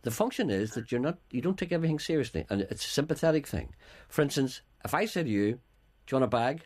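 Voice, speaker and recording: A man's voice: medium pitch, very animated, fast, a little mellow, slightly rough. A middle-aged man with a Northern Irish accent, hosting a comic radio chat in a wry, rambling, mock-serious way. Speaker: radio host. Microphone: studio microphone.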